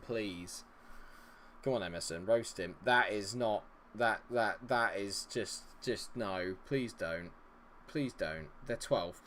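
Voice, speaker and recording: A man's voice: fairly low pitch, a bit bright, slight background noise. A man streaming his own game, commentating live, exasperated, swearing and talking at the players on screen.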